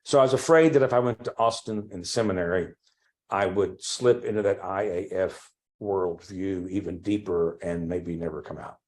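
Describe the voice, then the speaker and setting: An older man from Texas, a priest, telling his life story in an oral history interview and acting out old conversations with lively, halting speech. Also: sits low. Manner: animated storytelling, acts out remembered dialogue; frequent restarts and ums.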